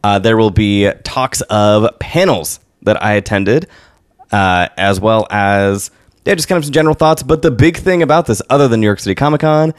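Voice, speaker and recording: A man's voice: lowish voice, moderate pace, clean tone, no echo, clean studio sound. A man hosting a podcast in casual chat, upbeat and laughing often as he runs through plugs and introductions. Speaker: podcast host. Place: small home studio.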